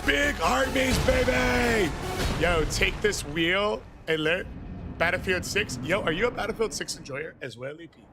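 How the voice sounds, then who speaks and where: Hyped-up gravelly male streamer. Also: high voice, animated, unhurried, over music. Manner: loud hype shouting, swears freely. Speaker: gaming streamer. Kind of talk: live stream chat and gameplay commentary.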